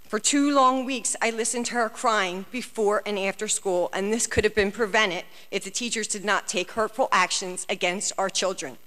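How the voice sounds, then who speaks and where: A woman's voice: medium pitch, fairly bright tone. A woman giving an emotional, earnest prepared comment as a parent at a public school board meeting. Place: large meeting hall. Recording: long hall reverb.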